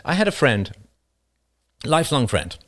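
This livestream host's voice swings widely in pitch, moves at a moderate pace, and sounds a bit bright. He rambles passionately through his own stories in an unscripted monologue, laughing at them and voicing quoted people higher.

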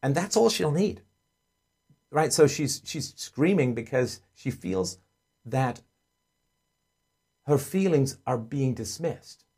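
A man hosting a call-in advice show, earnestly explaining and acting out gentle parent dialogue. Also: mid-range voice.

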